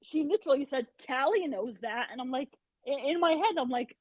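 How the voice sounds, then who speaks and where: Woman on a tinny call line, high voice. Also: quick pace, no room sound. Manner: animated retelling, acts out quotes. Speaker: podcast guest. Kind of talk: casual storytelling chat. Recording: tinny phone-like remote call.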